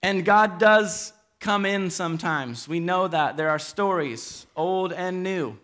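A man's voice: sits high, slow, fairly bright tone. Earnest pastor pleading with his congregation. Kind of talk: sermon. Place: church hall.

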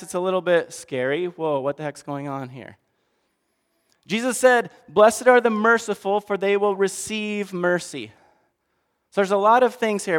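A man preaching a sermon, often acting out characters and swinging between loud and soft. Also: sits high. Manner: acts out characters with voices, shifting loud and soft. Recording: long reverb of a hall.

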